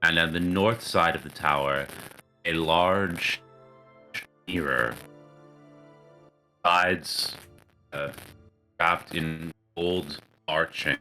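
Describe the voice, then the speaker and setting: Deep, slow male game master narrating scenes, bright timbre, faint music underneath. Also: low-quality recording. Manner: unhurried, descriptive, with fillers.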